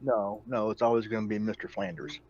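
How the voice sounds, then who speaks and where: A man's voice: fairly low pitch, fairly even intonation, fairly quick, darkish tone. Wry male player on a dull mic. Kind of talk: casual tabletop game chat.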